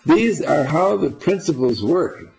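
Older man, gravelly, very husky, folksy rambling teacher, quizzes listeners, faint music behind. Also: on the high side, big pitch swings, a little slow, darkish tone, low-quality recording. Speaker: spiritual teacher. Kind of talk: informal talk to a small group.

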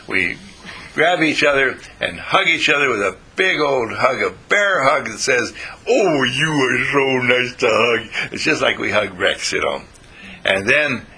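A man's voice: medium pitch, gravelly, bright, forceful tone, husky. An older man giving a folksy, meandering spiritual talk to a small group, playful and chatty.

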